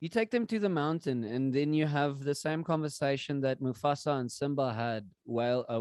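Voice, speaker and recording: A man hosting his own podcast, relaxed and jokey, with a lot of ums as he talks. His voice sits in an everyday middle range and is recorded dry and close. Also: medium pitch, normal speed, few pauses, clear, resonant tone, dry recording. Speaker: podcast host. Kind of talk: casual chat.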